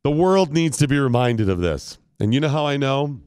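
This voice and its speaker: A man hosting a talk show, ranting with mock solemnity and breaking into loud indignant outbursts. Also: mid-range voice, animated, normal speed, smooth. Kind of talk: comic rant on a talk show.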